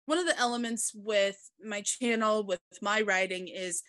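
A woman's voice: mid-range voice, normal speed, dry recording. A woman with a mixed Southern accent and a bit of Kansas twang, hosting a casual interview in an open, chatty way. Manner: open, chatty, speeds up when excited. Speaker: podcast host.

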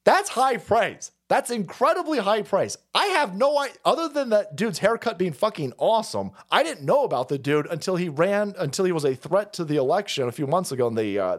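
A man hosting a political talk stream, ranting with heavy profanity, frequent laughter and sudden wild jumps in pitch. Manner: loud, profane, laughs often, swings pitch wildly. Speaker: political podcast host.

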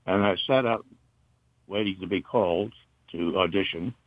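An older man from North Carolina, a retired broadcaster, reminiscing in a halting, rambling way with many fillers. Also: sits low, dry recording. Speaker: interview guest, retired broadcaster. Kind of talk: casual reminiscing. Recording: dull, muffled dry recording.

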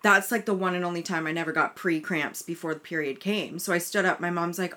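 Woman podcast co-host, bright edgy voice, kinda low pitch, laid back and swears. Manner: casual, swearing, quick reactions. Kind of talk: casual chat.

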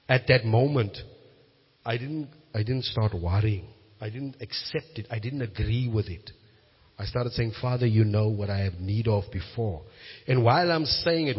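South African pastor preaching in a reverberant hall. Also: male voice, medium pitch, husky. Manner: builds from quiet storytelling to loud emphatic preaching. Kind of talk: sermon. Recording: muffled sound with long hall reverb.

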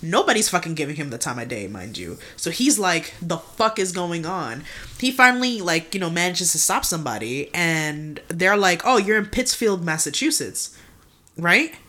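A woman with a somewhat low voice co-hosts a podcast, spinning a story in loose, slangy talk. She swears constantly and keeps the telling lively and animated. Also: normal speed. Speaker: podcast co-host. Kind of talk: casual storytelling chat.

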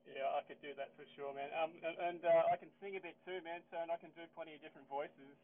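A man's voice: fairly high pitch, fairly even intonation, quick pace. A man with an Australian accent calling in to a casual chat, hesitant and full of fillers. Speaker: caller. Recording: tinny phone line, faint noise.

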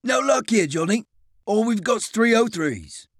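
A man's voice: high-pitched, expressive, a little slow, no echo, studio quality, pitched above the performer's own voice. A man voicing a grinning, pushy quartermaster from who haggles and swears coarsely. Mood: wheedling. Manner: brash, wheedling, swearing.

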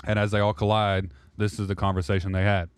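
A man's voice: lowish voice, level tone, quick pace, smooth, dry recording. A man narrating a role-play podcast as game master, loose and rambling, correcting himself as he goes.

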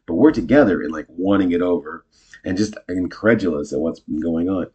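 Low husky man teaching improv. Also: a little fast, highs cut off. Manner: chatty, self-correcting, animated when acting out lines. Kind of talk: casual teaching talk with acted example lines.

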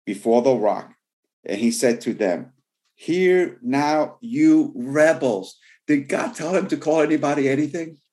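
A man, a pastor, teaching a sermon in a loose, conversational way, with many "you know" fillers, who slows down to read scripture verses. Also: medium pitch, warm tone. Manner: reads scripture verses slowly and deliberately.

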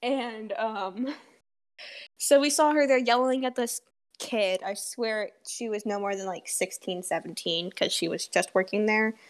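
A woman's voice: mid-range voice, unhurried. A teenage girl co-hosting a podcast, telling a story in casual chat, laughing often and swearing freely. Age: teens. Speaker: podcast co-host.

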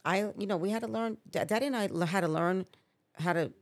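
A woman's voice: mid-range voice, a little fast, dry recording. A woman in her sixties, a mother chatting about family on a remote podcast setup, rambling with lots of "you know" fillers and restarts. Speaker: guest, mother of the hosts. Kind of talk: casual family chat.

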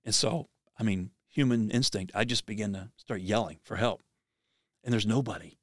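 A middle-aged man with a fairly low voice recounts a personal story as a podcast host. He tells it earnestly and vividly, often restarting his sentences. The sound is dry and close. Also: moderate pace, no echo.

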